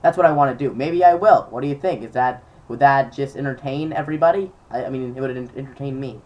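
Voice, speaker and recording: A man's voice: mid-range voice, fast talker, far from the mic, highs cut off. A young man in casual chat to camera, telling stories with lots of fillers. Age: young adult. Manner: chatty storytelling with many fillers. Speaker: vlogger.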